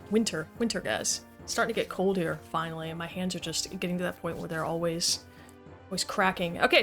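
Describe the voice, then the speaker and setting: A woman's voice: mid-range voice, a bit bright. Chatty woman streaming a game. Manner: chatty, goofy, reads chat aloud. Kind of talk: casual livestream chat.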